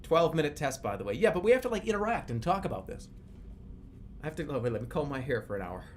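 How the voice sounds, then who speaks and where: A man in his thirties streaming live, chatting casually in a rambling, profane, animated way. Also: on the high side, fast talker, a little hiss or hum. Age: 30s.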